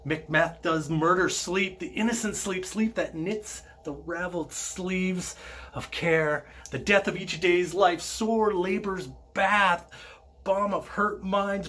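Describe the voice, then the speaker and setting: A man's voice: sits high, takes it slowly, bright, forceful tone, a little hiss or hum, exaggerated voice. A man as a brooding, haunted Macbeth. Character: Macbeth, guilt-haunted lord after the murder. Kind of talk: amateur home-recorded Shakespeare reading.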